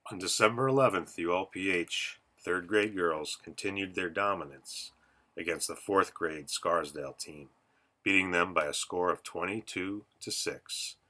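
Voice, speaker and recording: Deep, bright-toned male documentary narrator. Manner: measured recap delivery.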